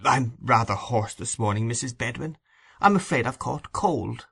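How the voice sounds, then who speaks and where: A man voicing a brisk, warm-hearted old gentleman in a storybook reading, bluff and blustering. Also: mid-range voice, animated, vocal fry, breathy edge, heavily acted. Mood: fussing.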